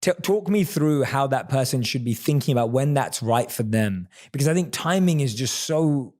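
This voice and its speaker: Male interview host, mid-pitched voice, enthusiastic and affirming, speaks in fast bursts. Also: lively intonation, darkish tone. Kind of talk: podcast interview.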